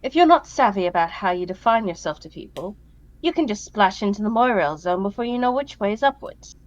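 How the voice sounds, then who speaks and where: A woman's voice: medium pitch, lively intonation, brisk, lightly acted. An Australian woman reading aloud the lines of a brash, troubled teenage character, on a dull lo-fi mic. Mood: sulky.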